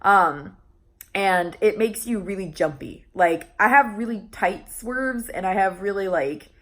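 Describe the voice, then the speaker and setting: A woman's voice: mid-range voice, unhurried, a bit bright. Chatty young woman vlogging. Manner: chatty, many fillers and restarts, laughs often. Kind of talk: casual vlog chat.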